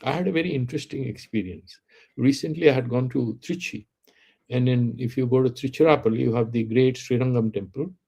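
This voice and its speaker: A man's voice: mid-range voice, fairly quick, gravelly, warm tone, husky. A man teaching philosophy, explaining Sanskrit terms and posing rhetorical questions to his listeners. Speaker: Vedanta teacher. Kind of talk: philosophy lecture.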